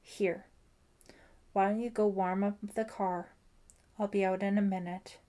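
A woman's voice: medium pitch, level tone, measured pace, mellow, natural voice. A woman voicing a distraught protective father. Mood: weary. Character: distraught middle-aged father, protective and grieving.

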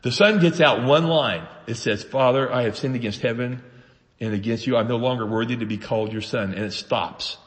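A man preaching a sermon as pastor, telling the story with animated voices for its characters. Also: mid-range voice, a little fast, long reverb tail. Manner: animated storytelling, acting out voices of the father and sons. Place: church sanctuary.

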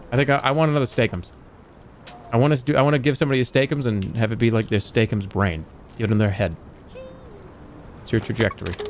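A man streaming a video game with goofy, excitable running commentary and sudden yelps. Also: on the low side, a little hiss or hum. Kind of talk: live gameplay commentary.

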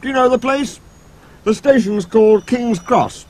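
A man's voice: very high voice, unhurried, darkish tone, voice pushed up. A man voicing a big, proud, grumpy male engine in a storybook reading. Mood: boastful. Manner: boastful, grumbling.

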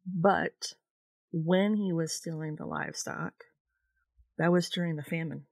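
A woman co-hosting a casual podcast, reading from her notes in a relaxed way. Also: deep voice, a little slow, creaky, breathy edge, no room sound. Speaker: podcast co-host, researcher.

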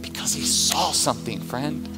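Speaking at a moderate pace and medium pitch, a pastor delivers an emphatic, passionate sermon in his church auditorium. Long church reverb and music fill the recording.

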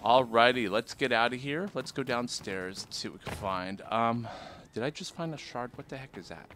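A man's voice: medium pitch, moderate pace, fairly bright tone, a little hiss or hum. A man giving playful, jokey commentary while he plays a video game and talks to his viewers. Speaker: let's play gamer. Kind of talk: casual gameplay commentary.

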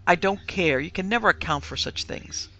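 A man's voice: high voice, expressive, normal speed, sharp tone, pitched above the performer's own voice. A narrator voicing a stubborn, firm father. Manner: firm, dismissive. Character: stubborn middle-aged father, firm skeptic.

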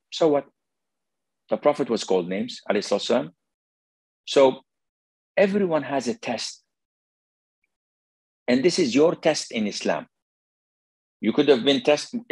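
An older sheikh lectures in a blunt, argumentative way. His husky, gravelly voice moves through a wide range of pitch. It sounds dry and close. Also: a little mellow, dry recording, rough recording. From Saudi Arabia. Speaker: Islamic scholar, sheikh. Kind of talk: religious lecture.

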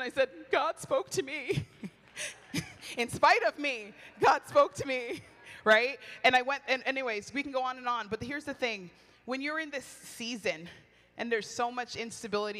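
A middle-aged woman speaking at a retreat delivers a sermon in a candid, conversational way, animatedly sharing personal stories. Her voice is mid-range with a fairly bright tone, and a long hall reverb trails behind it.

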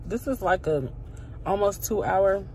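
A vlogger in her 20s chats to camera in a dramatic, casual way, frequently calling out to viewers while sounding worn out. Her medium-pitched voice has a darkish tone and moves a little slowly. It's a low-quality phone recording with car noise.

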